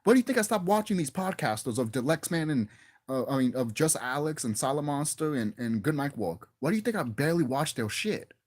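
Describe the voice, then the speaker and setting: A young man vents in a loose, profane monologue aimed at his viewers. His pitch jumps around animatedly as he gets exasperated, and he keeps restarting and repeating his words. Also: sing-song, brisk. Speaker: wrestling commentary vlogger. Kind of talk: ranting casual monologue.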